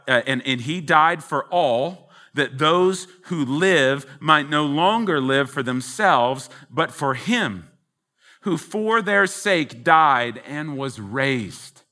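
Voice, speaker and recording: A man's voice: fairly high pitch, bright, forceful tone. A man preaching a sermon, teaching earnestly and emphatically from scripture. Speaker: pastor.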